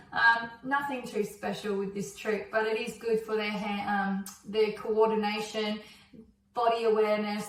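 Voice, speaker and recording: A woman's voice: on the high side, a bit bright, slight background noise. A woman teaching dog training, praising and encouraging her dog between explanations to the viewer. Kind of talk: instructional dog training video. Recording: echoey, distant camera sound.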